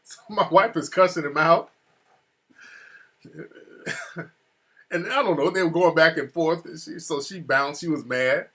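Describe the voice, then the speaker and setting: A man with an American accent tells a story in a relaxed, rambling way. His voice sits a little higher than most men's. He swears freely, restarts his sentences often and keeps adding asides. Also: unhurried, pauses often. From United States. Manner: loose, profane, full of restarts and asides. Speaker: speaker recounting a trip. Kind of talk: casual storytelling.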